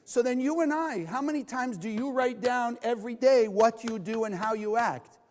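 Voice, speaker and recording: In a large hall, a man with a very high voice speaks at a moderate pace while teaching Kabbalah to those present. His delivery is lively: he asks the audience questions and voices the chatter that runs through people's minds.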